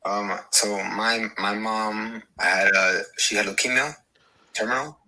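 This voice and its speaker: A man guesting on a podcast, telling a story in a halting way with many repeats and restarts. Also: lowish voice, pushed and bright, poor audio. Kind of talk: casual debate and personal story. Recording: clear background hiss.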